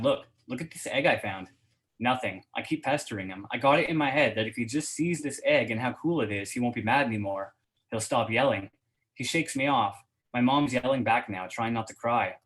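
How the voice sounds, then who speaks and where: Man reading dark fiction aloud. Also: mid-range voice, brisk, low-quality recording. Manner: steady first-person reading, hesitant with fillers when chatting. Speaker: guest reader.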